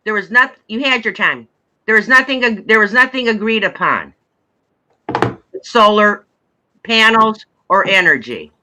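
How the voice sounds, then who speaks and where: Bright-voiced, firm board president. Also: female voice, mid-range voice, expressive, measured pace, long pauses, low-quality recording. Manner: firm, repeats herself to hold the floor. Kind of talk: chairing a heated board meeting.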